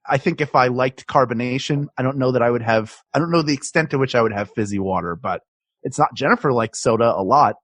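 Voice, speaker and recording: A man's voice: medium pitch, fast, no echo. A man co-hosting a comedy podcast from his home, talking in a rambling, self-interrupting way and laughing often. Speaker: podcast co-host. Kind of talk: casual chat. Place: his home, recording remotely.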